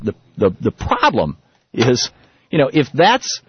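A man's voice: medium pitch, unhurried. A man hosting a political talk radio show, speaking loosely with frequent restarts and fillers. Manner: loose, animated delivery with many restarts and fillers. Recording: muffled lo-fi radio broadcast.

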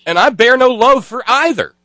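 A man's voice: very high voice, animated, normal speed, pushed and bright, no room sound. Male co-host, short agreeing interjections, bone-dry sound. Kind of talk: casual political chat.

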